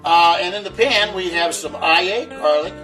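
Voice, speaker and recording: Bright-voiced jokey cooking host. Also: male voice, high voice, moderate pace. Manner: folksy, jokey, drops Italian words. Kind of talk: home cooking demonstration. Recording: echoey room with faint guitar music.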